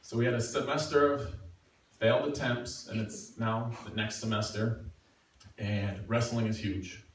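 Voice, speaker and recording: A middle-aged man telling a personal story live, self-mocking and animated. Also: mid-range voice, measured pace. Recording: echoey room, far from mic, faint noise.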